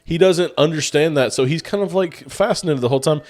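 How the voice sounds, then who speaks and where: A man's voice: fairly high pitch, brisk, darkish tone. A man co-hosting a casual film review podcast, rambling with lots of "like" and casual swearing. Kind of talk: casual chat.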